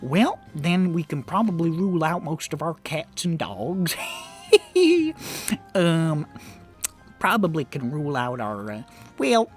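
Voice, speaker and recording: A woman's voice: low-pitched, animated, slow, pauses often, soft background music. A woman running a tabletop game as game master, casual and laughing often between lines.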